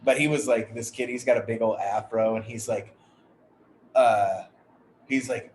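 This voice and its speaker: A man's voice: mid-range voice, fairly even intonation, a little slow, pauses often, a little mellow. A man hosting a podcast, telling a long, rambling story full of swearing in a casual chat. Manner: rambling, heavily profane storytelling. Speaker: podcast host. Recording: echoey room with faint noise.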